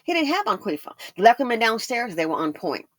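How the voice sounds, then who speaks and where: A woman hosting a casual commentary monologue, telling personal stories in an animated way and acting out the voices of the people she quotes. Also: fairly quick, no room sound. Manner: animated storytelling, acts out quoted voices with big pitch jumps. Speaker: commentary channel host.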